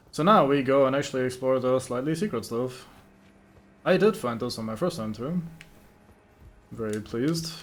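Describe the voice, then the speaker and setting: A man's voice: mid-range voice, a little hiss or hum. A man giving casual, joking let's-play commentary, muttering to himself and swearing freely as he plays. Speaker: gameplay commentator.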